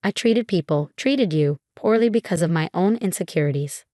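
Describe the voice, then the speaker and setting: A woman voicing a humbled older former executive who speaks quietly and earnestly in a narrated story. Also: on the low side, lively intonation, moderate pace, no echo, clean studio sound, close to an everyday voice. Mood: contrite.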